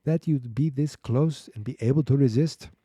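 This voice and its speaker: A man voicing a gloating male villain who taunts his captive slowly, reading from a comic. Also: mid-range voice, mellow, slightly rough, dry recording, studio quality, pitched above the performer's own voice, close to an everyday voice.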